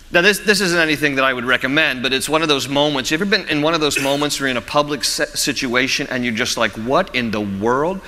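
A man's voice: high voice, pushed and bright, long reverb tail. A man preaching a sermon as pastor, storytelling with humor and frequent chuckles.

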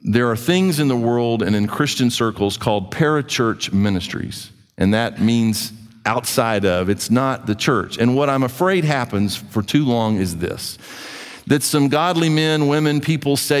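A man preaching a sermon as a pastor, in an animated, conversational way with joking asides. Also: a little high, normal speed. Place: church hall. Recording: hall reverb.

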